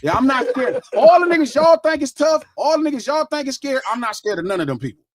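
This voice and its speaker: A man's voice: very high voice, big pitch swings, fast talker, over a noisy crowd. A middle-aged man, hosting a podcast and arguing his point in a heated, profane, insistent casual debate. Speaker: podcast host.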